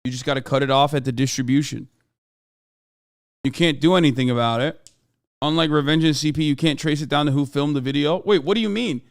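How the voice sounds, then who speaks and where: Brief: high-voiced male streamer, heated profane rant, smooth clear tone. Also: a little fast, no room sound, studio quality. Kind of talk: live-stream reaction rant.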